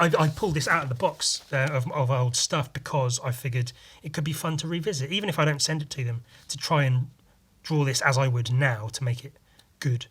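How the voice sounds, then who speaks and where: A young man hosting a podcast, chatting casually and hesitantly about his old comic drawings, filling pauses with ums and throwing in quick sound effects. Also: medium pitch, a bit bright. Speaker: podcast host. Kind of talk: casual chat about his own artwork.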